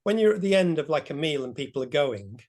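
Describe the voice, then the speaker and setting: A man's voice: a little high, big pitch swings, fast, darkish tone. An older man, a grandfather, speaking thoughtfully and hesitantly in a casual video call chat. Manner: thoughtful, hesitant, repeats words. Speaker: discussion participant.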